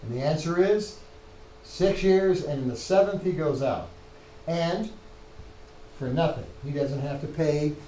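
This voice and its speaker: A man's voice: a little high, measured pace, long pauses, mellow, roomy sound, slight background noise, low-quality recording. A man teaching a university class, explaining points emphatically and restarting phrases as he goes. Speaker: professor. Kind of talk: university lecture.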